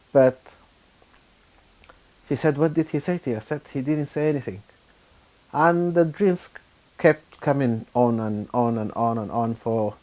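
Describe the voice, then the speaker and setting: A middle-aged man from Sudan, giving a personal testimony in a halting, unhurried way with frequent pauses and fillers. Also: medium pitch, darkish tone. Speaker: churchgoer giving his testimony.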